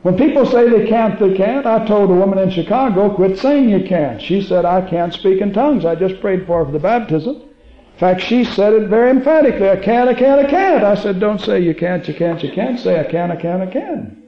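Male preacher, high voice, dull old sermon recording, lively storyteller. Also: echoey room. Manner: animated storytelling, acting out quoted voices; hushed, slow prayer. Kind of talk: sermon with prayer. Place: church sanctuary.

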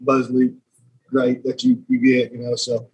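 An earnest man in his thirties from Alabama tells a personal story as a podcast guest, circling back and repeating himself as he goes. His voice is deeply husky and breathy, pitched in an ordinary middle range. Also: completely flat delivery, a little slow, darkish tone, low-quality recording. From Alabama, United States. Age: 30s.

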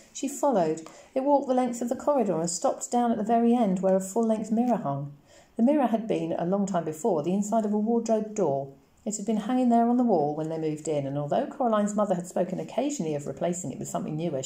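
A woman teacher reading a novel aloud to her class for a lesson, in a slow, expressive storytelling manner. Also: medium pitch. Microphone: camera. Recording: roomy echoey recording.

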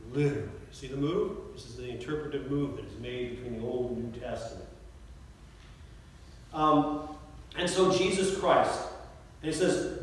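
A man's voice: medium pitch, a little hiss or hum. A male pastor preaching a sermon in a conversational way, often asking the congregation questions. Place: church sanctuary. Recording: echoey church from a distant mic.

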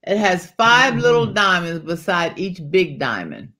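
A woman's voice: lowish voice, big pitch swings, a little slow. Chatty woman hosting a live jewelry sale. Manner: chatty, calls out viewers by name, folksy Southern-style warmth in words like y'all. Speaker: live-stream jewelry seller. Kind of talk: casual live-stream sales chat.

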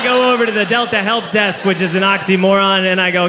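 A man performing a stand-up comedy routine, telling an animated story and switching into exaggerated voices for the people he quotes. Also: high-pitched, fast, few pauses, reverberant. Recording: noisy live stand-up recording.

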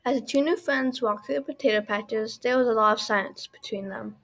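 A woman narrating children's stories aloud in an animated reading voice. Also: on the high side, a little fast. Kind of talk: storybook reading.

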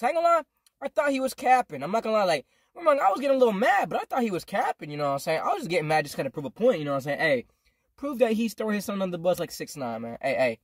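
Young man, fast rambling storyteller, slangy and profane, dry close sound, casual vlog. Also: high-pitched, no room sound. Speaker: vlogger.

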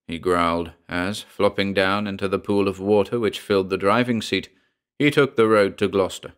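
A man narrating a horror story in a measured, dramatic storytelling voice. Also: sits low, steady tone, smooth.

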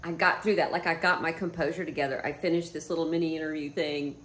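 A woman vlogger telling a story to camera in a casual, animated way, swearing freely and often breaking into laughter. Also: low-pitched, fast talker. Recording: roomy echo.

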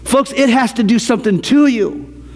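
A man with a high-pitched voice preaches to his congregation, animated and repeating his key phrases for emphasis. His voice rings out with a long reverb across the church sanctuary. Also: normal speed. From American South. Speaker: pastor. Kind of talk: sermon.

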